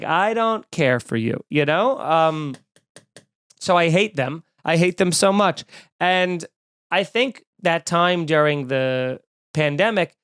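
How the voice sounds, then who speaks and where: Snarky man ranting, smooth clear voice. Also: a little high. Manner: snarky, animated, mocking voices in quotes. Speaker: comedian podcast host. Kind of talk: comedic rant.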